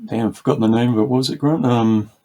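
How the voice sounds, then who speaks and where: A man's voice: mid-range voice, quick pace, dark tone. A man with a New Zealand accent, chatting casually as a podcast guest, with many ums and restarts. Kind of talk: casual chat.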